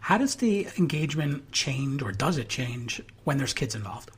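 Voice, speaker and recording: A man hosting a podcast, asking his guest measured questions. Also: mid-range voice, very animated, fairly bright tone, breathy edge. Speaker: podcast host. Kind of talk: interview questions.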